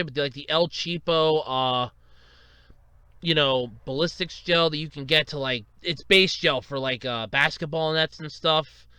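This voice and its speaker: A man's voice: fairly high pitch, smooth, dry recording. A young man hosting a solo podcast, telling rambling, profane stories in a casual chat. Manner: rambling, profane, animated storytelling. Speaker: podcast host.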